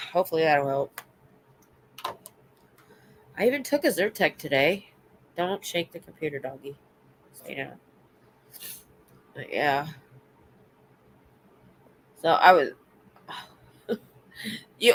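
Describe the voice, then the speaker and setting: A woman with a stuffy nose, hosting a casual late-night livestream, chatting loudly, laughing often and reading out comments. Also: on the low side. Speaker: livestream host. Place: home.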